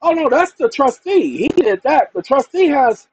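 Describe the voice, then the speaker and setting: A man's voice: very high-pitched, sing-song, normal speed, poor audio. A man hosting his own channel, talking to viewers in an emphatic, combative, colloquial monologue. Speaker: channel host.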